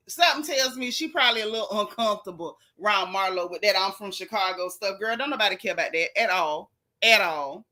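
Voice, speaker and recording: Sassy, bright-voiced woman gossiping. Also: a little high. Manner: sassy, animated, reads chat aloud. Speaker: show recap host. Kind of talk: casual gossip commentary.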